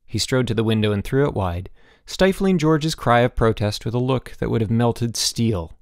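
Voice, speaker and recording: Reading a children's audiobook with expressive storytelling flair, a man speaks at medium pitch and a moderate pace. The sound is studio-quality, with no echo.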